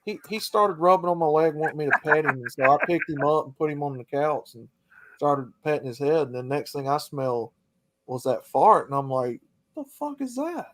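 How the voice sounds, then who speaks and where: A man's voice: a little high, a little fast, a bit bright, no room sound. Man telling crude stories. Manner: crude, drawling anecdotes. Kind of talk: casual storytelling chat.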